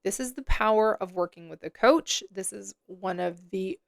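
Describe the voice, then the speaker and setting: A woman's voice: medium pitch, normal speed, vocal fry, no room sound, studio quality. A woman hosting a solo podcast as a coach, talking casually with lots of fillers and self-corrections.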